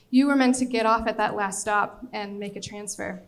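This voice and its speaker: A young woman telling a personal travel story on stage, lively and animated, acting out the voices of people in it. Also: mid-range voice, a little fast.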